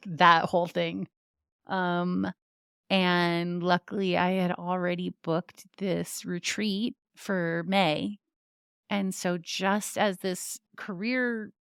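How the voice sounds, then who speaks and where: A woman's voice: fairly low pitch, a bit bright, clear, resonant tone, no room sound, clean studio sound. A young adult woman hosting a podcast, telling a personal story in a chatty way with frequent fillers and laughs. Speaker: podcast host. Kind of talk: casual storytelling monologue.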